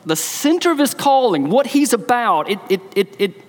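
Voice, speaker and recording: A man's voice: extremely high pitch, very animated, moderate pace, big-room sound. A man, a pastor, preaching a sermon in a church, telling the story with emphasis.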